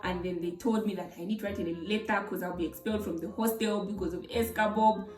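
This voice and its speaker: A young woman from Zambia with a Zambian English accent, telling a story in an animated, exclamatory way for her vlog. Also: medium pitch, quick pace. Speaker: YouTuber. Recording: roomy, distant mic, faint music.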